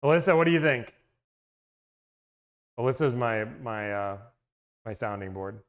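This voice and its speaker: A man's voice: mid-range voice, animated, a little slow. A man hosting a casual livestream, rambling and interrupting himself as he chats with viewers about car deals. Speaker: car-buying negotiation service host.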